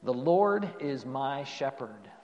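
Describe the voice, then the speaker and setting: A man preaching a sermon earnestly, asking rising questions and letting phrases fall away softly. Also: medium pitch, big pitch swings, slow, muffled recording. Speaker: pastor. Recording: long reverb of a hall.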